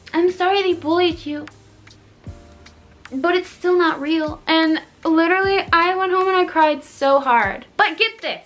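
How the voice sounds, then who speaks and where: A young woman telling a casual storytime vlog, chatty and animated, peppering her talk with "like" and swearing with exaggerated indignation. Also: very high voice. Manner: chatty, animated, frequent "like" and laughs. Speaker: streamer and YouTuber.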